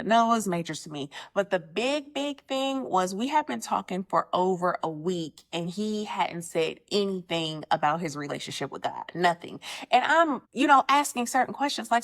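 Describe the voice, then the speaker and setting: A young woman casually telling a story about her dating life, animated and slangy, acting out both sides of the conversations. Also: normal speed, hardly any pauses. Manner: animated, slangy, jumps pitch when quoting people.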